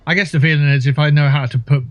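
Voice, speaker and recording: A man hosting a casual gaming livestream, rambling with crude jokes. His voice sits somewhat high for a man. The microphone sounds dull and lo-fi. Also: steady tone, fast. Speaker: livestream host.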